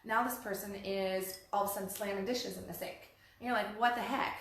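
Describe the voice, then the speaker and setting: A middle-aged woman co-hosting a casual talk about relationships, telling animated stories and acting out the people she quotes. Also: mid-range voice, brisk. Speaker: podcast co-host. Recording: very echoey room, faint background noise.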